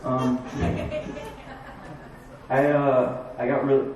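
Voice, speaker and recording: A man's voice: mid-range voice, level tone, a little mellow, recorded from a distance, soft background music. Rambling comic man in an echoey bar. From Florida. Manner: halting, rambling delivery with many fillers. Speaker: stand-up comic. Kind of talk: stand-up comedy set. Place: dive bar.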